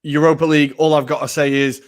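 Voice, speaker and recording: A man co-hosts a football podcast with lively, jokey banter. His voice sits a bit higher than most men's. He gets excited quickly and keeps the tone casual. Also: smooth. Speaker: podcast co-host.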